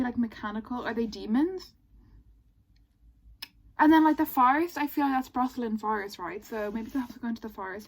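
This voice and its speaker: Chatty, excitable young-sounding woman vlogger. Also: fairly high pitch, vocal fry, breathy edge, low-quality recording. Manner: chatty, excitable, gushing and exasperated asides. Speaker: book vlogger. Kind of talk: casual reading vlog.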